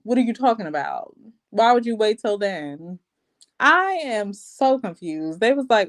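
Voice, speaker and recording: A young adult woman giving a sassy, slangy, animated reality TV review and acting out quotes in other voices. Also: medium pitch, normal speed. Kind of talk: casual commentary vlog.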